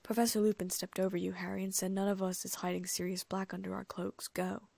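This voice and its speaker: A woman's voice: mid-range voice, little pitch movement, a little fast, gravelly, mellow, no room sound. A woman voicing a blunt, jumpy young male wizard student in a storybook reading, with blurting, uneasy lines.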